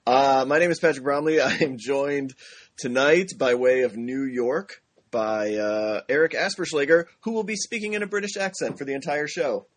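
A man hosting a casual film podcast with a husky, slightly rough voice. He sounds upbeat and playful, teasing his co-host and running through plugs at a brisk clip. His pitch sits in an ordinary middle range. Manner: upbeat and jokey, rattling off plugs.

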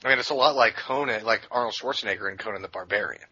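A man in casual podcast chat, opinionated and animated as he tells stories. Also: fairly low pitch, rapid-fire, breathy edge, dull audio.

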